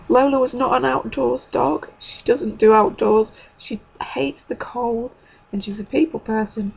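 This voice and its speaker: A woman giving an emotional spiritual testimony, halting, with many pauses and fillers. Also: fairly high pitch, gravelly, darkish tone, lo-fi sound, slight background noise. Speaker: spiritual speaker.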